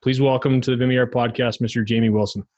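A man's voice: medium pitch, little pitch movement, fast, a little mellow, no echo, dull audio. A man co-hosting a casual podcast and introducing guests. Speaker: podcast co-host.

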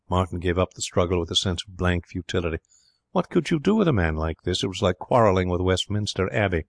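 A man reading a story aloud as an audiobook narrator, in a measured, deliberate way. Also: low-pitched, animated, vocal fry, no room sound, studio quality. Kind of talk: scripted narration.

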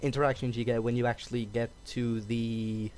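A man co-hosting a casual gaming podcast, animated and quick to laugh, slipping into character voices. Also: mid-range voice, a little hiss or hum. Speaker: podcast co-host.

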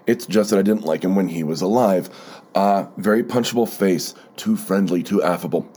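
Male solo podcaster, low-ish voice, rambling and sardonic, swears freely, slightly stuffy nose. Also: moderate pace, mellow. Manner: rambling, profane, sardonic storytelling with many fillers. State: stuffy, keeps blowing his nose. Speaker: podcast host.

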